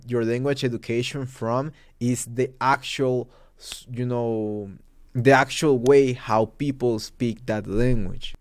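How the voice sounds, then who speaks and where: A man's voice: medium pitch, clear, resonant tone, no echo, studio quality. A Mexican man speaking English as a second language, hosting his own channel with emphatic, conversational opinion commentary full of asides. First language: Spanish. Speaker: host.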